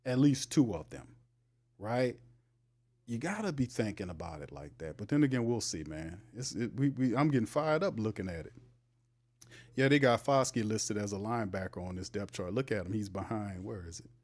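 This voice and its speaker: A man's voice: on the low side, expressive, moderate pace, darkish tone. A man hosting a casual livestream sports show, talking loosely in slang and teasing viewers in the chat. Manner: loose slangy talk with frequent laughs.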